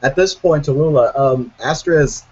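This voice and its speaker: A man's voice: on the high side, moderate pace, darkish tone, slightly rough. A man in a casual tabletop role-play, describing what his character does. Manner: casual, laughs often. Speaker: player. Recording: muffled lo-fi with faint noise.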